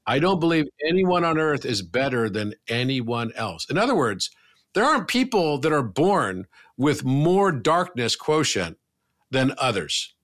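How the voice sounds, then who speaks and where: A man's voice: medium pitch, very animated, unhurried, fairly bright tone. A man talking as a podcast guest, earnest and emphatic, dropping the odd casual swear word. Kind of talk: reflective conversational talk.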